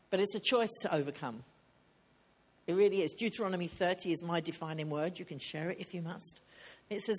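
A woman's voice: on the low side, a little fast, breathy edge. A woman preaching at a women's retreat, speaking earnestly and conversationally, and repeating key lines for emphasis. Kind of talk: sermon.

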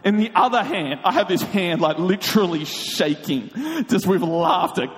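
An Australian man telling a comic story in an animated way with laughing asides. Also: sits high, normal speed, a little hiss or hum. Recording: long hall reverb.

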